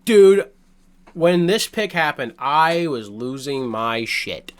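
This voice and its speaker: Male fan-host, casual sports rant: excitable, profane, lively swinging pitch, rambling delivery. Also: a little slow. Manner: excitable, swears a lot, blunt opinions; rambling, many restarts and fillers. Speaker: sports fan reacting to a draft.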